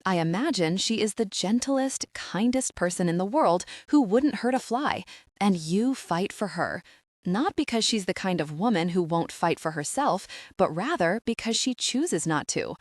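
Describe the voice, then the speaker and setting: Medium in pitch with lively intonation and a normal speed, a woman's voice stays close to everyday speech while narrating an audiobook. She plays a rugged, protective young man, speaking firmly and directly in an earnest tone. It's recorded at studio quality with no room sound.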